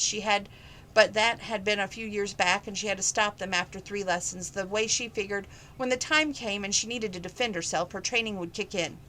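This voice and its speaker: A woman's voice: mid-range voice, steady tone, fairly quick, pushed and bright, low-quality recording. A woman narrating a novel in a casual read-aloud style, plain and unpolished, stumbling and restarting now and then. Her voice sits in a middle register, with a faint background hiss. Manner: plain, with small slips and restarts. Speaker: reader.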